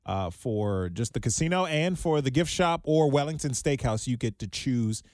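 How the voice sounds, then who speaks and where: A man co-hosting a radio show, chatty and quick to laugh at his own expense. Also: medium pitch, animated, darkish tone, dry recording, clean studio sound. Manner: laughs easily, chatty and self-deprecating. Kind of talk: casual radio chat.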